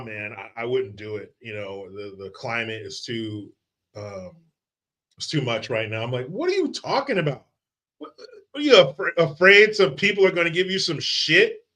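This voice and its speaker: Bright-voiced man ranting profanely. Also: mid-range voice. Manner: profane, mocking, animated ranting. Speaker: livestream host. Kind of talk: casual ranting commentary.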